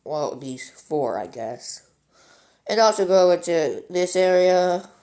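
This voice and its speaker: A man's voice: high voice, animated, slow pace, a little mellow. A male gamer at home giving casual commentary on a strategy map game, rambling and easily sidetracked, with lots of "like.". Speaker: gaming commentator.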